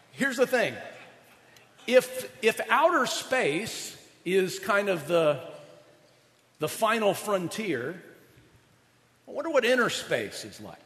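A male pastor preaching a chatty, animated sermon, often asking his audience questions. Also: high voice, big-room sound.

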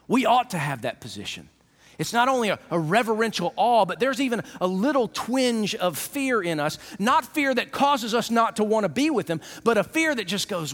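A man preaching a sermon, animated and acting out the people he quotes. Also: sits high, fairly quick, long reverb tail. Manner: animated, acts out quoted voices.

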